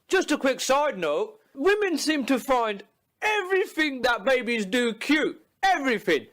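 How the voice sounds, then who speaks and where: A man delivering a loud, sarcastic, profane comedic rant to the camera. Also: very high-pitched, big pitch swings, measured pace. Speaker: comedy video host. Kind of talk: ranting comedic monologue.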